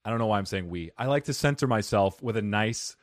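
Lively low-voiced male podcast host. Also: quick pace, no echo, clean studio sound. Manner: upbeat, rambling, laughs a lot. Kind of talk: casual podcast chat.

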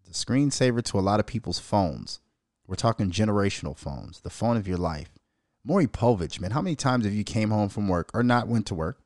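A man's voice: on the low side, animated, a little fast, darkish tone, no echo, clean studio sound. A young man hosting a casual solo podcast, ranting profanely and mocking people with impressions. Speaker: podcast host.

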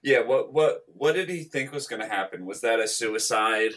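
A man's voice: mid-range voice, normal speed, fairly bright tone. A man co-hosting a casual movie podcast, blunt and casually swearing. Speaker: podcast co-host. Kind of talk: casual movie review chat.

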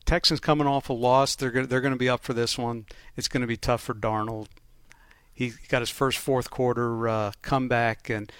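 A man's voice: medium pitch, fairly even intonation, moderate pace, smooth, no room sound. A middle-aged man, an oddsmaker co-hosting a podcast, explaining betting lines in an easygoing way, laughing often. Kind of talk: casual sports betting chat.

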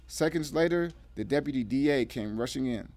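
A man reading a thriller aloud with dramatic, expressive narration. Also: mid-range voice, brisk, no echo.

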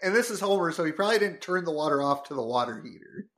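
A man's voice: a little high, lively intonation, fast talker, a bit bright. A man co-hosting a podcast, chatting in a laid-back, wry way and explaining things plainly. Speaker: podcast co-host. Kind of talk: casual chat.

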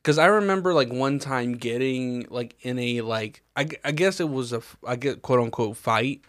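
A man's voice: mid-range voice, moderate pace, fairly bright tone, no echo, clean studio sound. A man co-hosting a podcast, rambling through stories in casual chat with lots of fillers and swearing. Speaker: podcast co-host.

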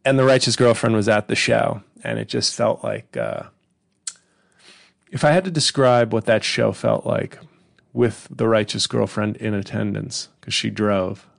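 Gravelly rambling comedian. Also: male voice, fairly low pitch, fairly even intonation, unhurried, no room sound, studio quality. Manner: rambling, profane, sardonic. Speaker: comedian podcast host. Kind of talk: casual solo podcast monologue.

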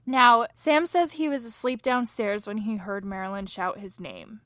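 A young woman co-hosting a true crime podcast, telling the case in a chatty, animated way and laughing often, tired from little sleep. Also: fairly high pitch, normal speed, no echo. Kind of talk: casual true crime chat.

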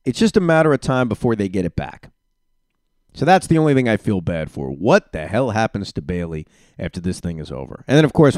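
A man hosting a podcast, talking with a lively, swooping delivery that jumps up and down in pitch. He is opinionated and emphatic, ranting at times. The sound is close and dry, with no room around it. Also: no echo. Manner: animated, emphatic. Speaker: podcast host. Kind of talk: solo podcast reaction.

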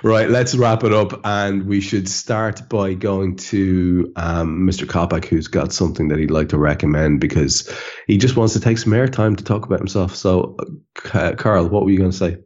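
Irish guy hosting a podcast, real low voice, kinda muffled lo-fi sound. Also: moderate pace, hardly any pauses. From Ireland. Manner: relaxed, repeats words, laughs easily. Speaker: podcast host. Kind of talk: casual chat.

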